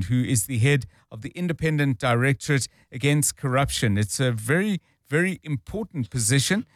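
A man's voice: mid-range voice, no room sound, clean studio sound. A man hosting a live talk radio show, taking calls and explaining the news in a conversational way. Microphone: studio microphone.

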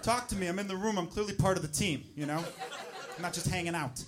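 A man's voice: high-pitched, quick pace, a crowd in the background. A man doing a stand-up set with crude, exasperated storytelling. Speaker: stand-up comedian.

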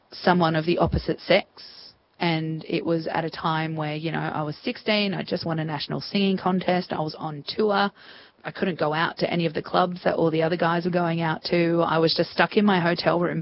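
A woman's voice: fairly low pitch, muffled recording, a little hiss or hum. A woman in her thirties with an Australian accent, telling her story in an interview and acting out remembered conversations. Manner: chatty, acts out remembered dialogue. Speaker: interview guest.

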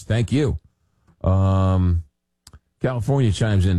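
Low, mellow-voiced male radio host. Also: sing-song, dry recording. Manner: reads listener messages aloud, halting with many uhs. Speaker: radio talk show host. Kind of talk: call-in radio talk.

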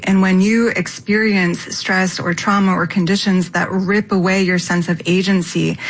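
A woman's voice: lowish voice, low-quality recording. A woman speaking as a guest expert in a radio interview, earnest and explanatory, often checking in with "right?" as she builds her points.

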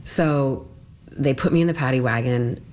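A woman's voice: rumbling low, moderate pace, a little mellow. A woman being interviewed, telling her own story in a chatty, casual way, full of "like", sometimes dropping to a whisper. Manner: chatty, full of "like", drops to whispers for remembered thoughts.

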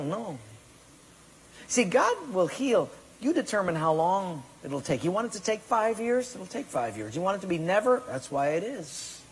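Man preaching, high voice, husky, emphatic, long hall reverb. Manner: emphatic preaching, acting out excuses. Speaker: pastor. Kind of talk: sermon.

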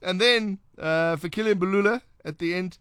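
A man's voice: high voice, normal speed, a bit bright, smooth, dry recording, studio quality. A man with a South African accent hosting a late-night radio talk show, chatting wryly and sarcastically with many restarts. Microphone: studio microphone.

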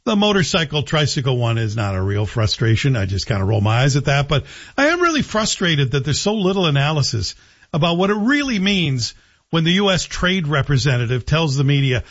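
A man's voice: on the high side, very animated, brisk, fairly bright tone, dull audio. A man hosting a talk radio show, giving sardonic, opinionated commentary. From Scotland.

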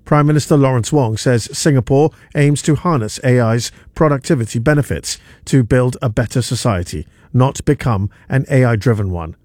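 A man reading the news headlines on radio in a measured, formal delivery. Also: mid-range voice, darkish tone, no room sound. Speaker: newsreader. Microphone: studio mic.

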